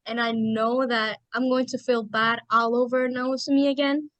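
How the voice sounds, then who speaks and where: A woman's voice: on the high side, level tone, moderate pace, a bit bright, dry recording, rough recording. A young woman chatting on a podcast as an emotional fan who keeps acting out quotes. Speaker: podcast co-host or guest. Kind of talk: casual chat.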